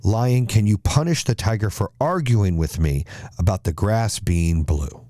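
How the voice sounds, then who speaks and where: A man's voice: fairly low pitch, unhurried, dark tone, no echo, studio quality, natural voice. A man doing a stubborn donkey. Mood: insistent. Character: stubborn foolish male donkey.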